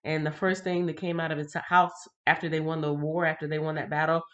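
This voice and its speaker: A woman's voice: deep voice, fairly quick, lo-fi sound. Chatty woman hosting a Bible stream. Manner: chatty, lively, laughs often, greets viewers by name. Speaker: Bible reading livestream host. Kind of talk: casual livestream Bible reading and chat.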